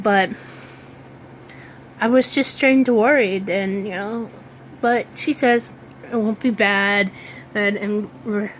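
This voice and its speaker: Young woman vlogger, mid-pitched, slow and halting, casual chat, faint background noise. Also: low-quality recording. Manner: hesitant, many ums and restarts, slow drawl. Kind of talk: casual rambling vlog.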